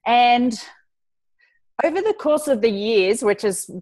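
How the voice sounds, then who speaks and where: A middle-aged woman with an Australian accent, a healer speaking as a guest in an interview, explaining her work in a calm, explanatory way. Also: a little high, slow pace. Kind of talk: interview conversation.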